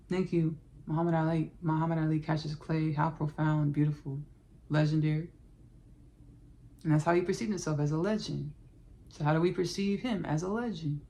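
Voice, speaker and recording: A woman hosting a spiritual podcast, channeling and recounting spirit messages in an effusive, repetitive way with soft murmured thanks. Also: low-pitched, fairly even intonation, normal speed.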